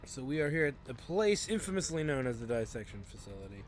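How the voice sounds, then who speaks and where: A man chats casually over gameplay, rambling and muttering to himself between tips and mild joke curses. His voice sits at a middle pitch, and soft background music runs underneath. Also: sing-song, fast. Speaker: let's play host.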